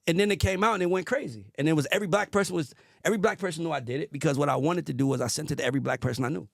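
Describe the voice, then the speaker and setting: A man telling stories as a podcast guest in a casual, animated way, acting out the voices he quotes and swearing freely. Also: fairly high pitch, very fast, vocal fry, dry recording, clean studio sound. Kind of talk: casual storytelling.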